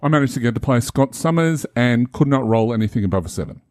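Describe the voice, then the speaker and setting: A man's voice: medium pitch, expressive, fast, a little mellow, no echo, studio quality. A man, a game master co-hosting a casual podcast, rambling and self-deprecating with many fillers.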